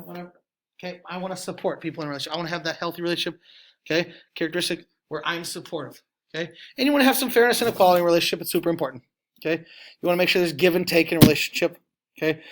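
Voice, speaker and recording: A man teaching a class of high school freshmen, casual and talking straight to the students, tagging "okay?" onto almost every sentence, with sudden jumps in loudness. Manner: checks in with "okay?" after nearly every sentence. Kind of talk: classroom lecture.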